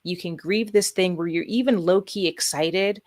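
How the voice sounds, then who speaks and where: A woman podcast host talks in a low voice, supportive and thoughtful, in a relaxed interview. The recording is dry and close, with little room sound. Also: moderate pace, no echo. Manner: supportive, reflective. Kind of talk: casual interview talk.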